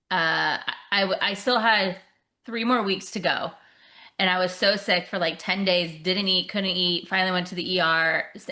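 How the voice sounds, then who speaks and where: A woman's voice: fairly low pitch, pushed and bright. A woman hosting a podcast who talks casually, reacting and sharing her own story in conversation. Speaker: podcast host. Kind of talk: casual interview chat.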